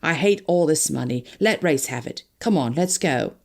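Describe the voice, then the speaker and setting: An impetuous young lover in an audiobook, his voice dropped low and gravelly, as a woman narrator plays him. He talks with urgent, commanding emphasis. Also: expressive, moderate pace, a little mellow, full character voice. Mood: urgent, passionate.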